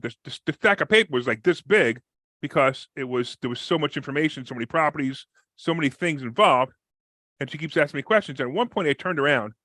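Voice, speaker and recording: Fast-talking, high-pitched man telling a story. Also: no room sound. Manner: fast, energetic, acts out quoted people with big pitch jumps. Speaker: real estate investor guest. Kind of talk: animated storytelling in a podcast interview.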